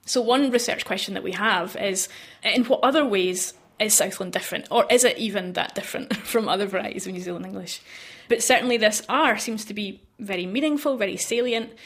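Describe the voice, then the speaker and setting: A woman linguistics researcher explaining her work in an interview, lively and quick to laugh. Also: mid-range voice.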